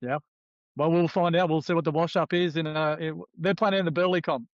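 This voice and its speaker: A quick-talking Australian man with a slightly high voice, ribbing his co-host through a loose podcast chat. The audio is a touch muffled and dry. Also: fairly even intonation, no echo. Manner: fast, teasing, chatty. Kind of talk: casual chat.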